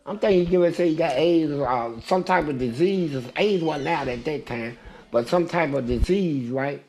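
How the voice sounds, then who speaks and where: Older male interview guest, gravelly voice with a touch of fry, a bit high-pitched, loud profane storyteller. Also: moderate pace, slight background noise.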